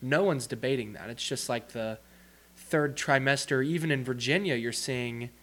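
A man's voice: mid-range voice, normal speed, a bit bright. A young man co-hosting a casual podcast, talking in a rambling, opinionated and offhand way. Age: young adult. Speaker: podcast co-host. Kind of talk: casual chat.

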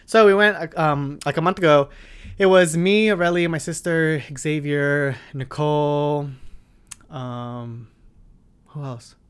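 Young guy from arizona doing a story time podcast, kinda high voice, swears nonstop, rambles. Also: slow pace, smooth. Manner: profane, rambling, dramatic retelling. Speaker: podcast host. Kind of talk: casual storytelling.

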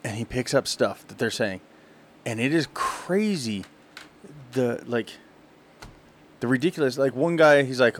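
A man chats on a casual podcast and tells stories in quick bursts, laughing as he goes. He sounds mid-pitched, and the room behind him is a little noisy. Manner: animated storyteller, quick bursts, laughs often. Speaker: podcast co-host. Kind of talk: casual chat.

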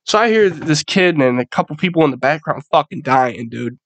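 A young man hosting his podcast, spinning a rambling story full of swearing and easy laughter. His voice sits a little high for a man, and it sounds dry and close, with no room echo. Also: animated, brisk, fairly bright tone. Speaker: podcast host. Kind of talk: casual storytelling monologue.

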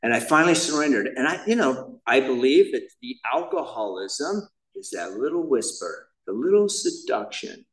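A man's voice: medium pitch, very animated, normal speed, few pauses, distant mic, poor audio. A man speaking at a recovery meeting, telling his personal story in a casual, self-deprecating way, sprinkled with "man" and "you know". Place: meeting room.

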